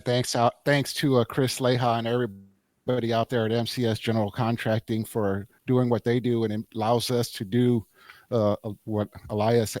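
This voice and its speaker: A man co-hosting a podcast in casual chat, animated, laughing often and acting out quotes. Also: lowish voice, no room sound. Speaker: podcast co-host.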